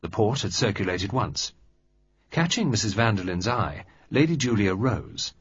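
A man narrating an audiobook in a steady, measured reading style. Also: on the low side, slightly rough, dry recording. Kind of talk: scripted narration. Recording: dry, slightly dull recording.

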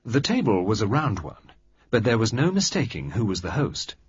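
A man narrating an audiobook in a steady, measured reading style. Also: on the low side, slightly rough, dry recording. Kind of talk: scripted narration. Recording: dry, slightly dull recording.

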